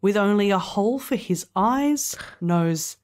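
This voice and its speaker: A woman's voice: medium pitch, expressive, unhurried, darkish tone. A woman co-hosting a podcast, casually telling a story, swearing now and then and laughing along. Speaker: podcast co-host.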